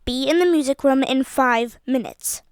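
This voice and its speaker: A woman's voice: high-pitched, moderate pace, smooth, no echo, clean studio sound. A woman voicing a stern schoolmistress. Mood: curt. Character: stern menacing female schoolmistress.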